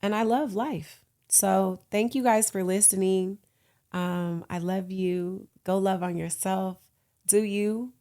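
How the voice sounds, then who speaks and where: A woman's voice: medium pitch, a little mellow. A woman in her late thirties hosting her own podcast, talking frankly and playfully, laughing often and cheering listeners on. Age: 30s. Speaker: podcast host. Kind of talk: casual solo podcast talk.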